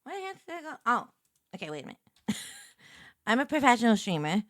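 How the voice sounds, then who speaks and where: A woman streamer chatting casually on a live stream. She gushes with excitement and thanks her viewers effusively. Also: fairly high pitch, fast talker, no room sound, studio quality.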